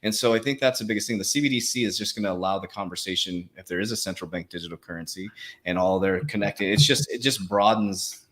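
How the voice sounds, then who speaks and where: Fast-talking, slangy male livestream host. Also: lowish voice. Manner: fast, animated, slangy, quick laughs. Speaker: crypto coach, livestream host. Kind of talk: casual livestream chat.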